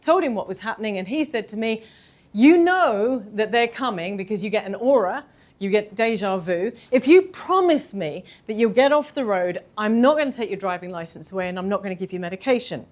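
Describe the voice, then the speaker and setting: A woman, telling a candid personal story in a talk, animated and self-deprecating. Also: medium pitch, a little fast. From London. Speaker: speaker giving a talk.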